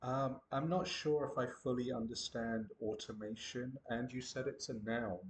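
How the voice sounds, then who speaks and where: A man's voice: mid-range voice, fairly even intonation, moderate pace. A man chatting casually with an AI tutor, playful and a bit hesitant, often joking around. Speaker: English teacher trying out an AI tutor. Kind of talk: casual chat.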